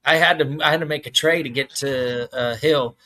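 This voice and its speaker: A man's voice: medium pitch, moderate pace, bright, forceful tone. A man co-hosting, giving rambling, chatty explanations in casual chat. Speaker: co-host.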